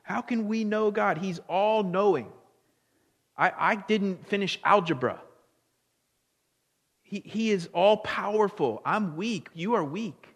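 A man in his late thirties preaches with earnest conviction. He keeps returning to the same question and repeats key phrases for weight. His voice sits a little high and rings out with the long reverb of a large hall. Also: takes it slowly, pauses often, breathy edge. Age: late 30s. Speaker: pastor. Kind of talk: sermon. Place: church sanctuary.

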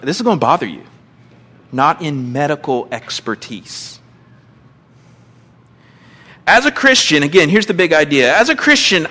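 Middle-aged male pastor, high voice, expressive sermon delivery that acts out the characters' lines. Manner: expressive preaching with acted-out quotes and big pitch swings.

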